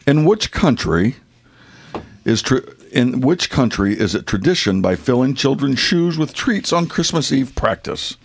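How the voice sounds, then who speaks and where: Gravelly-voiced American man hosting a quiz. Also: mid-range voice, big pitch swings, a little slow. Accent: Northern US. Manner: jokey, laughs often, stumbles over questions. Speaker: quiz host. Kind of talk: casual Christmas trivia quiz.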